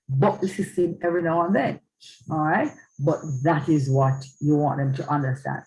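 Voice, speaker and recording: A woman's voice: low-pitched, a little mellow, poor audio. A woman giving a talk on parenting in a church, earnest and often checking in with her listeners. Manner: earnest, checks in with "all right?". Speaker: speaker on parenting.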